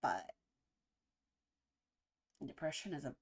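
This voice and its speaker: A woman with a husky, somewhat low voice talks through her reactions in a casual, earnest way. She is reflective and halting, stopping to gather her thoughts before going on. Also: expressive. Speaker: reaction video host. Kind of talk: casual spoken reaction commentary.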